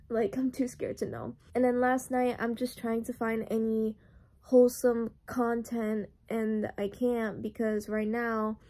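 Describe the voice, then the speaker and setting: A woman's voice: on the high side, warm tone. Chatty young woman book vlogger. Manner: emotional, rambling, laughs often. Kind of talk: casual chat.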